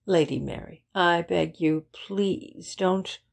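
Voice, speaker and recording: A woman's voice: on the low side, slow pace, vocal fry, full character voice. A woman voicing a flustered, well-meaning man who speaks in an anxious, coaxing way.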